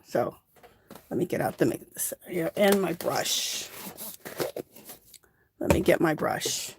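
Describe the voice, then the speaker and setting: A woman's voice: lowish voice, animated, takes it slowly, heavy background noise. A woman hosting a casual crafting livestream, chatting and thinking aloud as she works, recorded on a phone at her craft table. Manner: chatty, rambling, thinks aloud while working.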